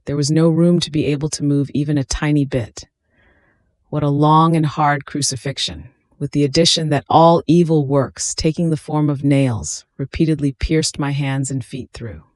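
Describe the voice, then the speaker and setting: A reader voicing a suffering infant Christ in a slow, tender, pleading devotional reading. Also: medium pitch, steady tone, a little mellow, no room sound, studio quality, lightly acted.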